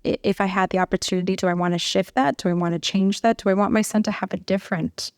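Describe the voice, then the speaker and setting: Gravelly-voiced woman explaining psychology. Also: medium pitch, steady tone, fast, no echo, studio quality. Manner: explanatory, says "right?" often, thinks aloud with "um". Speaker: psychologist guest. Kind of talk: casual conversation.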